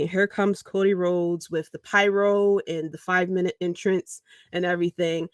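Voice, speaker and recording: A man's voice: high-pitched, normal speed, fairly bright tone, dry recording, studio quality. A man hosting a podcast, rambling through casual wrestling commentary and acting out quotes with chuckles. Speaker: podcast host.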